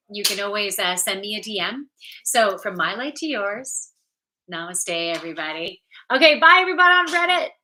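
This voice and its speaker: There's slight background noise as a woman with a medium-pitched, sharp-toned voice chats with her livestream audience. An Ontario, Canada yoga teacher and intuitive reader, she's upbeat and chatty, calling out viewers by name in a casual way.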